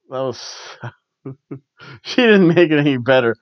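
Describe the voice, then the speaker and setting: A man chats through a wrestling recap in a loose, rambling way, chuckling between his wry asides. His voice sits at an ordinary middle pitch, and the recording sounds dull, lo-fi and dry. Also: expressive, slow pace, dry recording. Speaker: podcast host. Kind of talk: casual wrestling review chat.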